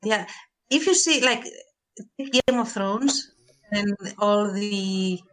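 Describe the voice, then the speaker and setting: A woman's voice: medium pitch, slow, fairly bright tone, low-quality recording. A woman co-hosting a podcast, talking in a thoughtful, hedging casual way. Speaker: podcast co-host. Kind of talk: casual chat.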